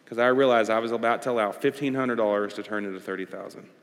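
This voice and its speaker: A man's voice: lowish voice, fast. A male pastor delivering a conversational sermon, pressing his points with repeated rhetorical questions. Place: large church hall. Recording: long church-hall reverb.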